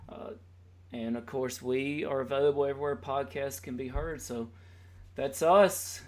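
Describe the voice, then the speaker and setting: A man's voice: mid-range voice, fairly even intonation, normal speed. A man hosting a podcast in casual chat, joking and rambling as he teases his co-hosts. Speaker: podcast host.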